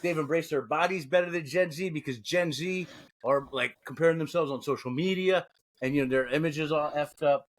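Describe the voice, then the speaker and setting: A man in his forties co-hosts a casual podcast, his voice on the high side and fairly quick. He tells crude stories in an animated way, laughing a lot and swearing freely.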